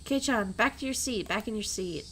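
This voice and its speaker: A bossy, teasing teenage schoolgirl, read aloud by a woman at a middle pitch. She talks briskly and orders the others around. The reading is a casual storybook read-through with a faint hiss behind it. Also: expressive, pushed and bright.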